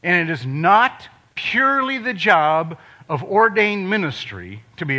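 An older man from Ohio preaching a sermon in a conversational way, dropping suddenly to quiet emphasis on key words. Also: sits high, sing-song, measured pace, few pauses. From Ohio, USA.

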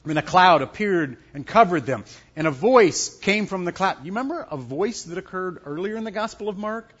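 Middle-aged male pastor preaching; animated, emphatic, a little husky, dull lo-fi recording. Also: sits high, normal speed. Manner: animated, emphatic preaching with sudden soft drops. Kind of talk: sermon. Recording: dull lo-fi sound.

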